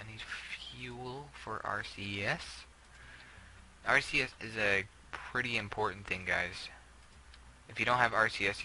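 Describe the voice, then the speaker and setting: A man's voice: on the low side, pushed and bright, slight background noise, poor audio. A young man casually talking through a game build, rambling with many fillers and self-corrections. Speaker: gameplay video creator.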